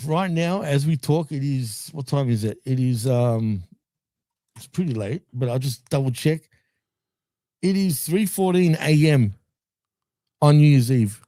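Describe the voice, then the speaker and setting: A man's voice: medium pitch, expressive, measured pace, long pauses, dark tone, dry recording. A man with an Australian accent co-hosting a wrestling review, easygoing, often laughing, swearing casually. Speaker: co-host.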